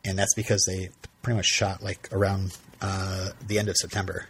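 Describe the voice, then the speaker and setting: A man's voice: low-pitched, level tone, normal speed, a bit bright, slightly rough. A man hosting a podcast, retelling a TV episode in casual chat, rambling with frequent laughs and restarts. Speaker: podcast host.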